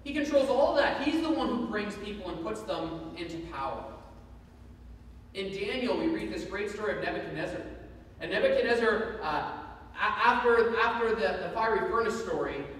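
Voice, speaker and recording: A man's voice: high-pitched, animated, normal speed, fairly bright tone. A man preaching a sermon, earnest and emphatic, repeating his main point. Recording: echoey hall from far off.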